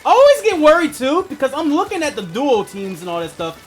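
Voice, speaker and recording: Young male streamer, casual and profane, very animated delivery over faint game music. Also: very high voice, fairly quick. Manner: profane, rambling, laughs often. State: asthmatic. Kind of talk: casual gaming stream chat.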